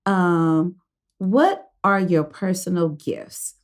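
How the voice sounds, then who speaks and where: A woman's voice: lowish voice, expressive, drawn-out words. A woman hosting a podcast who speaks in an affirming, emotional way and laughs often, with speech. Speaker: podcast host. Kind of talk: casual heartfelt interview.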